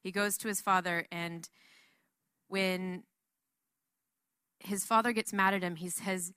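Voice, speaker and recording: A woman giving a casual Bible teaching in a chatty, animated way, full of asides. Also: lowish voice, takes it slowly, long pauses, clear, resonant tone, dry recording, clean studio sound.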